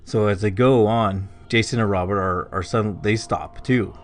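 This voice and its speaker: A podcast co-host casually tells a spooky story, rambling and packing his speech with "like" and "you know." His voice is on the low side and steady, at a normal speed.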